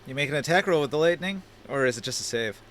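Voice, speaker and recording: Man narrating as game master, fairly high. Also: lively intonation, fairly bright tone, a little hiss or hum. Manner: brisk, vivid scene-setting. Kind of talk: live-streamed tabletop game narration.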